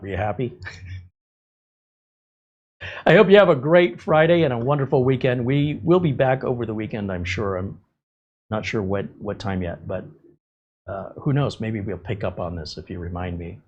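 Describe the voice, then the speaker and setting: A male livestream host with a slightly husky, breathy voice, talking casually. He slips into exasperated, sarcastic rants as he goes. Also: fairly low pitch, muffled recording.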